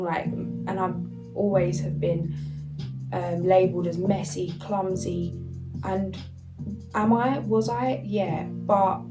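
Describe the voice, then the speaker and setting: A woman's voice: mid-range voice, low-quality recording. A woman doing a casual spiritual card reading, reading card messages aloud and then chatting loosely with fillers. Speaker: tarot and oracle card reader.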